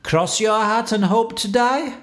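A man's voice: high voice, a little slow, pitched above the performer's own voice. A man doing a bold cat hero. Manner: bold, eager. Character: brave, clever male cat hero.

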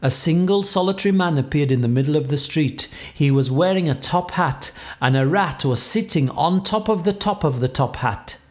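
Expressive male storybook narrator. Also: normal speed, hardly any pauses. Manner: expressive, playful, swings pitch for effect. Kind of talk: storybook read-aloud narration.

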